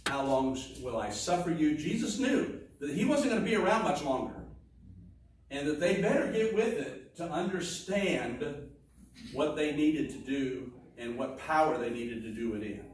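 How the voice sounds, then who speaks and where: A man's voice: fairly high pitch, expressive, moderate pace. Man preaching in an echoey church. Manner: conversational teaching, frequent asides and restarts. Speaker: pastor. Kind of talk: sermon. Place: church sanctuary. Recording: echoey room, distant mic, faint noise.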